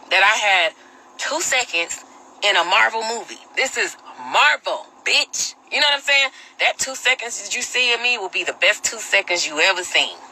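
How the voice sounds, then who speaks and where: Blunt, very bright-voiced woman ranting live. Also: fairly high pitch, poor audio. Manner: blunt, opinionated, slangy; reads and answers viewer comments. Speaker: livestream host. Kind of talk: casual livestream rant. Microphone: phone.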